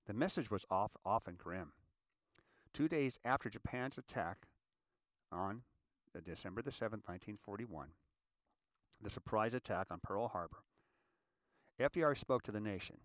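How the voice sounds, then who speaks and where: Guy doing an uplifting talk, lots of ladies and gentlemen, slows down on key words, bouncy pitch. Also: animated, no room sound, clean studio sound. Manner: addresses listeners as ladies and gentlemen, repeats phrases for emphasis. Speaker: inspirational speaker. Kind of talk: reflective inspirational talk.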